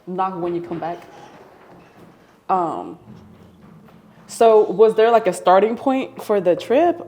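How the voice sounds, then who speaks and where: Podcast host with a gravelly edge. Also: medium pitch, very animated, slow pace, warm tone, a little hiss or hum. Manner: brief encouraging reactions and short questions. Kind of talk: casual interview chat.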